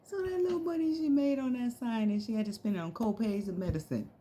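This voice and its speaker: A woman's voice: a little high, quick pace, mellow, slight background noise. A middle-aged woman telling a story to her viewers in a casual, slangy way, laughing often.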